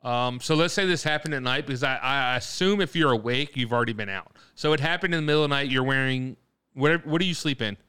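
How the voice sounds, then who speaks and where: A man's voice: medium pitch, fast, bright, forceful tone, smooth. A man co-hosting a casual podcast, telling a story in a rambling way, laughing often and swearing casually. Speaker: podcast co-host.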